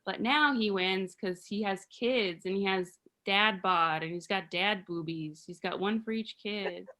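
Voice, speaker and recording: A woman's voice: medium pitch, measured pace, bright, forceful tone. A woman in her thirties from Arizona doing a rambling, self-deprecating stand-up comedy set. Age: 30s.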